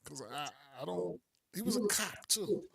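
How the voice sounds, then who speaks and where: A man's voice: sits high, expressive, a little slow, gravelly, fairly bright tone. A man co-hosting a podcast, telling a story in loose, slangy casual chat and acting out the people in it. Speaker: podcast co-host.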